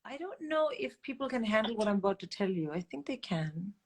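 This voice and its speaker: Animated, blunt woman storyteller. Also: medium pitch, fairly quick, slightly rough. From India. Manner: animated, blunt, swears freely, acts out voices in stories. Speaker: guest comedian. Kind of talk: candid storytelling chat.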